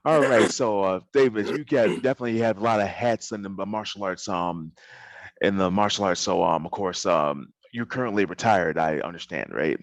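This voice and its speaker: A man hosting a podcast interview in casual chat, talking haltingly with many fillers and restarts. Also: sits low, no echo. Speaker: podcast host. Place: hotel during a convention.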